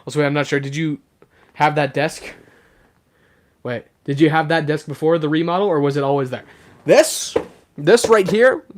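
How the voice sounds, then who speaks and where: A man's voice: fairly high pitch, fairly quick, slight background noise. Sick young man streaming, chatty. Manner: chatty and excitable, full of fillers. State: sick, voice sounds rougher than usual. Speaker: live streamer. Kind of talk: casual live-stream chat, reading chat messages aloud.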